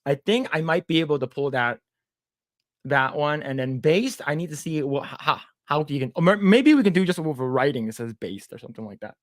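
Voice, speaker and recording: A man's voice: fairly high pitch, animated, fairly quick, no room sound, studio quality. Stammering man reading stream chat. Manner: stammering, repeats words, reads chat aloud. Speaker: podcast co-host. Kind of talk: casual livestream chat.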